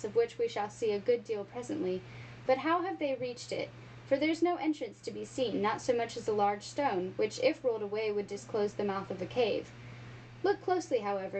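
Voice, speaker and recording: A woman reading a children's storybook aloud with expressive, animated storytelling. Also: a little high, a little hiss or hum, low-quality recording. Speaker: reader.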